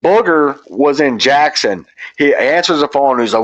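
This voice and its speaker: A man's voice: medium pitch, lively intonation, moderate pace, faint music behind. A man hosting a podcast, telling a hunting-dog story in casual, profane, rambling chat. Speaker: podcast host. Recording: dull lo-fi audio.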